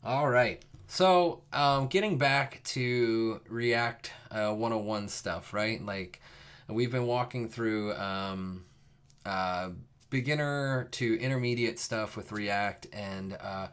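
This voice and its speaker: Lowish-voiced young guy chatting on his coding stream, rambly, lots of uhs. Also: takes it slowly, a bit bright, smooth. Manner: rambling, chatty, many fillers and restarts. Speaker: host of a live coding stream. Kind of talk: casual live-stream chat before a coding lesson.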